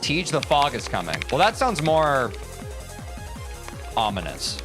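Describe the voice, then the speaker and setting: A man's voice: fairly high pitch, huge pitch swings, a little slow, over music. A young man livestreaming a game, chatting casually with viewers, self-mocking and swearing freely. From United States. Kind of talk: casual chat with viewers while gaming.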